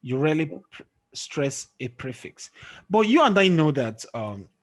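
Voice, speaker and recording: A man teaching a classroom lesson, explaining slowly and quizzing his students as he goes. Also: fairly high pitch, big pitch swings. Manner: slow, drawn-out explaining with questions to students. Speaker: English teacher.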